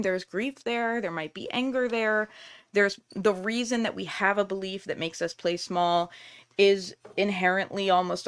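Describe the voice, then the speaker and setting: A middle-aged woman with a slightly low voice hosts a live online session from her computer. She talks candidly and warmly reassures her viewers, with lots of casual fillers and asides as she chats. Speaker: tarot reader and workshop host. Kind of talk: live stream chat with viewers.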